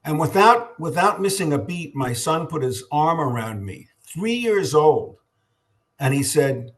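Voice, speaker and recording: Older man telling a story haltingly. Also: fairly high pitch, very animated. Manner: halting, repeats words, many ums. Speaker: guest, record company executive. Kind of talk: conversational storytelling.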